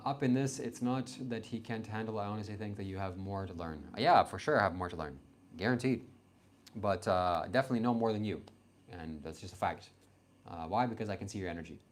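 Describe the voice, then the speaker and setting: A man's voice: lowish voice, a little mellow. A young man from Canada in his late teens, answering his livestream chat in a blunt, confrontational, self-assured way.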